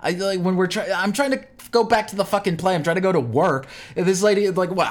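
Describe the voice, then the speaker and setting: A man's voice: high voice, quick pace, hardly any pauses. A man ranting profanely in casual chat as a podcast co-host.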